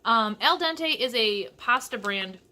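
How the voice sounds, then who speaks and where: A woman's voice: on the high side, animated, a little slow, sharp tone. A young woman from Michigan chatting casually through a cooking vlog in her home kitchen, with sassy asides. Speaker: vlogger.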